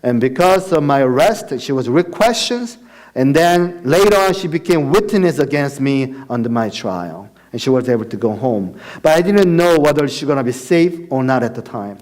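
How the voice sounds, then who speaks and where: A man's voice: medium pitch, animated, moderate pace, darkish tone. A man giving a personal testimony as a missionary speaker in a church, telling his story with acted-out dialogue and frequent laughter. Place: church sanctuary.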